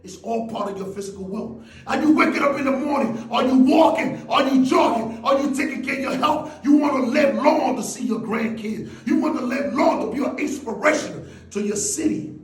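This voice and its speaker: High-voiced man shouting motivation. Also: animated, reverberant. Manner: intense, often shouting, rapid rhetorical questions. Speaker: motivational speaker. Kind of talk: motivational speech.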